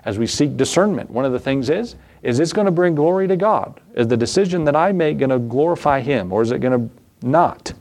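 In an evening church sermon, a man asks rhetorical questions that rise in pitch and repeats phrases for emphasis. His delivery is expressive and brisk, with a darkish tone.

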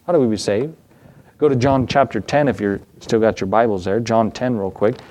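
A man preaches an evening sermon, posing rhetorical questions that go up in pitch and repeating key phrases to press his message. His voice is mellow and fairly quick.

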